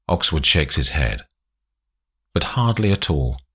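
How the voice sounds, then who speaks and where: A man narrating a spy story aloud in a slow, expressive way. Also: sits low, husky. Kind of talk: audiobook narration.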